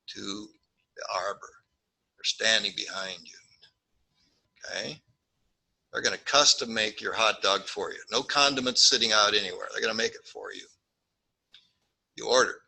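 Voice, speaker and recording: A man's voice: lowish voice, vocal fry, low-quality recording. A man teaching a statistics class, joking and acting out little scenes as he works through problems. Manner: jokey, animated, acts out little scenes. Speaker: statistics lecturer. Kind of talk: classroom lecture.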